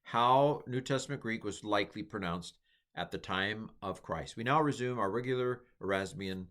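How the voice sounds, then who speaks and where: Middle-aged man, lowish voice, casual rambling lecturer with lots of fillers. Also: moderate pace, fairly bright tone. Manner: rambling, self-deprecating, many fillers. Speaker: teacher. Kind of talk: informal lecture.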